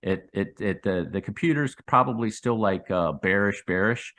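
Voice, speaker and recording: A man's voice: lowish voice, normal speed, fairly bright tone. A middle-aged man hosting a crypto trading channel, explaining chart patterns in a loose, repetitive way and tagging lines with "okay?" and "right?". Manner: restarts and repeats phrases while sketching on a chart. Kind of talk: casual explainer talk to viewers.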